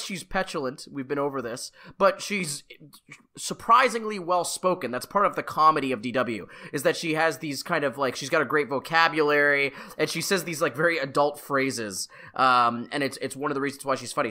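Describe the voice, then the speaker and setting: Man, podcast co-host, bright tense tone, passionate, rambling restarts. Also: on the high side. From Canada. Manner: animated, passionate, lots of restarts and fillers. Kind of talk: casual podcast chat. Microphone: headphones with a mic.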